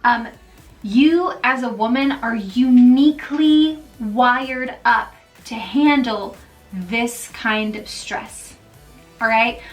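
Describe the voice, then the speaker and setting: A woman's voice: fairly high pitch, slow pace, far from the mic, soft background music. A woman giving casual, encouraging vlog talk, chatty and often checking in with her listeners. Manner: chatty, checks in often with "okay?" and "all right?". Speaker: mom vlogger.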